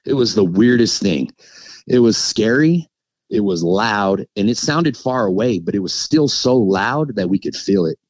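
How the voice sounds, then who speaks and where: Recounting an encounter for a podcast host, this man tells his story casually, stumbling through restarts and fillers such as "like" and "you know." He has a lowish voice with lively intonation, captured on a dry, rough recording.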